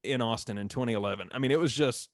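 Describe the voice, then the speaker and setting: A man with a drawl tells a long story among friends, animated and quick to laugh, slipping into other people's voices as he goes. His voice sits at an ordinary middle pitch and sounds close and dry, with no room around it. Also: no echo. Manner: animated, acts out quotes, laughs often. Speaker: former mascot telling a story. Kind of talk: casual storytelling on a podcast.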